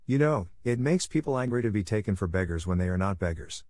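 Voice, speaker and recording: A man's voice: fairly low pitch, lively intonation, fast talker, darkish tone, natural voice. A man voicing a sensible, decisive girl in a storybook reading, reasoning things out. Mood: worried. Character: sensible talkative older sister girl.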